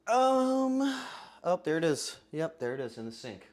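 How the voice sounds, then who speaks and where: A livestreamer with a voice going hoarse, joking crudely with chat and bursting into yelling. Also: medium pitch, sing-song, unhurried. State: voice getting hoarse. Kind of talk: casual livestream chat with viewers.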